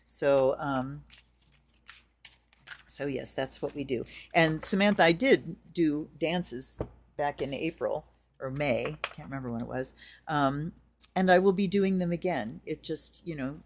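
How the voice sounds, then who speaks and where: A woman's voice: sits low, a little slow, slight background noise. A middle-aged woman giving a casual tarot reading, chatty and storytelling, acting out the things people say. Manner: chatty, storytelling with acted-out quotes. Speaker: tarot reader.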